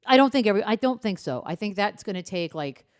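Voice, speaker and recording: A woman's voice: medium pitch, lively intonation, fast. A middle-aged woman co-hosting a sports podcast, blunt and sarcastic in casual chat. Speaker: podcast co-host.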